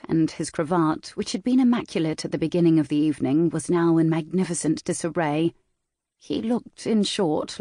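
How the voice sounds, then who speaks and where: A woman narrating a historical romance audiobook in a measured, dramatic style. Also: sits low, warm tone, dry recording, studio quality. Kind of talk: scripted narration.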